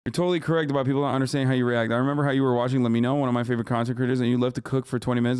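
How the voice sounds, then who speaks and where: Male streamer in his thirties, heated profane reaction rants, smooth resonant voice, dead-dry close mic. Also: medium pitch, level tone, very fast, hardly any pauses, darkish tone, no room sound. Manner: profane, combative, ranting at his chat. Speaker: live streamer. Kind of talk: live-stream reaction commentary.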